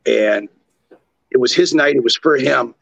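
A man with a Canadian accent, a podcast guest and former wrestler, telling stories in an animated, profane way. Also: mid-range voice, measured pace, vocal fry, slightly rough, no echo, low-quality recording. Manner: animated, profane, jumps into impressions. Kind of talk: casual storytelling.

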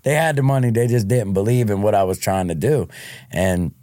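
Dark-voiced man telling his story frankly. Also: fairly low pitch, animated, brisk, no echo, studio quality. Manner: frank, repeats word starts. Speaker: podcast guest. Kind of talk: candid interview storytelling.

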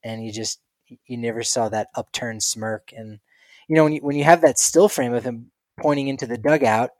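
Lively man in casual chat. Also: mid-range voice, moderate pace, dry recording. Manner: animated storyteller with playful quoted voices. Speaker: podcast co-host.

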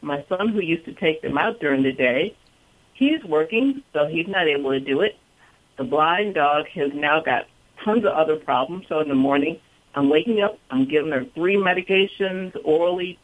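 A caller on a radio phone-in, telling a rambling, worried story about a pet. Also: medium pitch. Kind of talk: phone-in call. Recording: tinny phone line.

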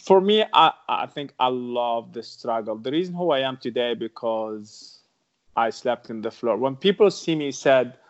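Medium in pitch and moderate in pace, a man shares his personal story on a podcast in broken English with an Arabic accent. Earnest throughout, he repeats phrases for emphasis; the recording is dull and lo-fi.

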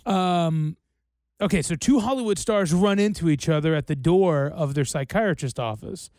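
A man's voice: fairly high pitch, moderate pace, a little mellow, dry recording. A man in his thirties hosting a radio show in casual banter, telling jokes with little put-on quotes. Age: 30s.

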